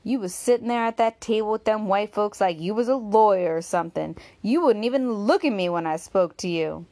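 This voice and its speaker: A woman voicing a jealous young woman in a spoken audiobook, accusing and sharp in her manner. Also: medium pitch, fairly quick, voice pushed up, lightly acted. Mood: angry.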